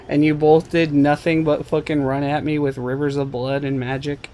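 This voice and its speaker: A man's voice: fairly high pitch, little pitch movement, measured pace, vocal fry, a little mellow, a little hiss or hum. A man giving casual gameplay commentary with dry, sarcastic quips and frequent swearing. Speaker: gaming commentator.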